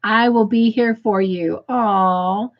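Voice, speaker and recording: A woman hosting a crochet live stream, reading viewer comments aloud and gushing with excitement. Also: medium pitch, slow, highs cut off.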